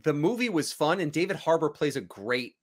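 A man co-hosting a casual movie chat, enthusiastic, often acting out quick quotes of how characters think. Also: on the high side, sing-song. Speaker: podcast co-host.

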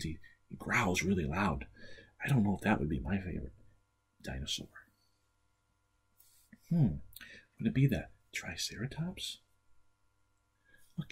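Deep gravelly guy teaching little kids online, playful and over the top. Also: darkish tone. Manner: playful and exaggerated, talking to small children. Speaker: preschool teacher. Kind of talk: remote lesson for preschoolers.

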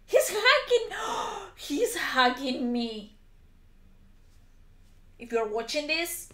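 A woman with a very high voice comments casually as she reacts to a clip, gasping and exclaiming. She talks slowly and her voice swoops up and down. The room around her is echoey. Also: big pitch swings. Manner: gasping, exclaiming, laughing along. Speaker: reaction video host.

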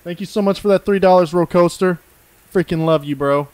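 A man streaming a storm-chasing game live, hyped up, shouting thanks to donors and sometimes out of breath. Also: high-pitched, brisk. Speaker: gaming streamer.

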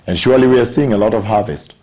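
A man preaching a sermon, stressing scripture words emphatically and slowing down on key phrases. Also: fairly low pitch, mellow.

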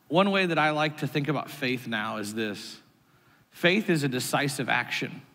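Animated pastor preaching in a reverberant hall. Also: male voice, normal speed. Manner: animated storytelling with sudden jumps in pitch. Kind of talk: sermon. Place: church sanctuary. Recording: long reverb of a large hall.

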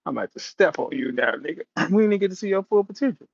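A man's voice: sits high, lively intonation, very fast, creaky, breathy edge, dry recording, muffled recording. A man hosting a battle rap audio room, telling stories and taunting a rival in a profane, casual rant. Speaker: battle rap show host.

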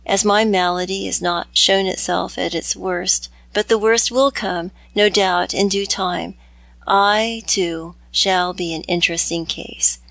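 A woman's voice: lowish voice, gravelly, fairly bright tone, no room sound, exaggerated voice. A woman reading aloud as a tormented young man in a storybook, grave and melancholy. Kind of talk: audiobook reading.

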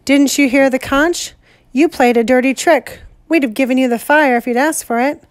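A boy leader speaks firmly and insistently, standing his ground, as a woman reads him. The voice sits fairly high and is recorded close and dry. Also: moderate pace, no echo, lightly acted. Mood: indignant. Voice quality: firm, insistent delivery. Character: stubborn boy leader, earnest and indignant.

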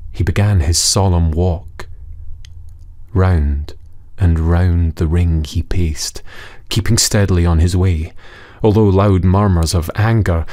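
A man reading a fairy tale aloud for children in a slow, measured, dramatic way. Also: sits low, darkish tone. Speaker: storyteller.

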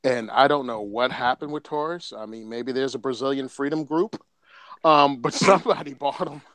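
A man's voice: medium pitch, normal speed, fairly bright tone, clean tone, no room sound. Man, co-host in casual chat, dry close mic, laughs easily. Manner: storytelling, joking, laughs often. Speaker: podcast co-host.

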